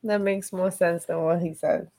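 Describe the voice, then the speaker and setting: A woman's voice: fairly low pitch, fairly even intonation, moderate pace, gravelly, noisy background. A woman co-hosting a casual podcast, blunt, teasing and profane.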